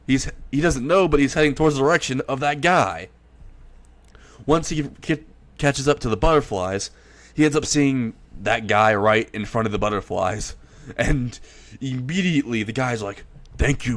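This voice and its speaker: A man's voice: medium pitch, no room sound. A man casually retelling a comedic crossover story, rambling with restarts.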